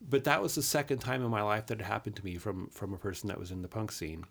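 A man in his fifties with a low, gravelly voice that crackles with fry. He recounts a painful chapter of his youth in a frank, earnest way. He swears casually as he talks. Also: quick pace, a bit bright. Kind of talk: candid personal storytelling.

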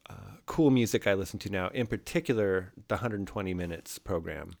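Man, podcast co-host, fairly low voice, relaxed hesitant chat. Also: a little fast, creaky. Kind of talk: casual chat, reminiscing.

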